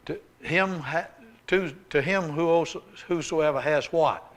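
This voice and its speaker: A man's voice: a little high, measured pace, fairly bright tone. A man giving a folksy, emphatic sermon testimony as a guest preacher, reading scripture aloud with rising force.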